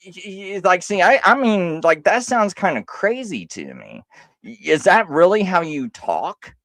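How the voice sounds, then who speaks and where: Sarcastic male livestream host, lively pitch. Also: a little slow, no room sound, clean studio sound. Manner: sarcastic, mocking, with frequent laughs. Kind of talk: livestream rebuttal commentary.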